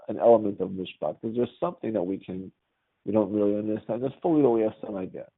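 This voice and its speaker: His voice is low-leaning, creaky, and slightly rough as he leads a religious class. He lectures conversationally and quizzes the students often with "right?", all captured in tinny, phone-like audio.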